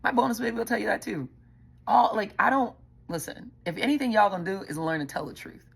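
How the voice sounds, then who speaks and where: A woman's voice: medium pitch, fast talker, creaky, husky. A middle-aged woman hosting a show, telling a personal story in a blunt, profane, conversational way and speaking straight to her listeners. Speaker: podcast host.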